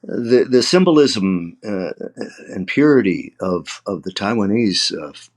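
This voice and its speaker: A man's voice: on the low side, animated, a little slow. An older male actor being interviewed, telling emotional anecdotes and acting out quoted lines. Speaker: actor guest. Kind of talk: conversational interview storytelling.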